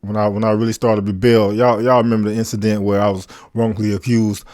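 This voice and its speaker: A man who is a podcast guest, telling his own story in a reflective, earnest way, with halting restarts. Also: on the low side, level tone, darkish tone, no echo, clean studio sound. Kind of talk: casual conversational storytelling.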